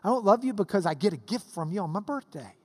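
A man's voice: sits high, expressive, fast talker. A man, preaching a sermon to a class, telling stories and building to passionate swells. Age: 50s. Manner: storytelling with swells of rising intensity. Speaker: pastor.

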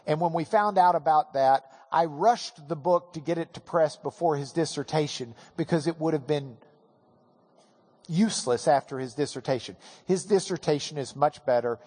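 A man's voice: on the high side, normal speed, a little mellow, long reverb tail, close to an everyday voice. A man voicing an elderly retired male professor who speaks bluntly and matter-of-factly.

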